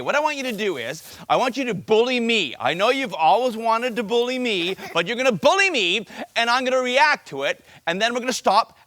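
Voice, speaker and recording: A man's voice: high-pitched, bright, forceful tone. A man giving an upbeat anti-bullying talk at a school assembly, coaching kids through role-play.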